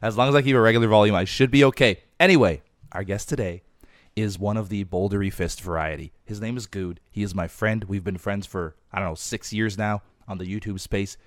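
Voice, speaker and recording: Soft-spoken man with a strained voice. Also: lowish voice, brisk, no echo. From Canada. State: losing his voice, speaking softly. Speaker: podcast host. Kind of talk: casual podcast chat.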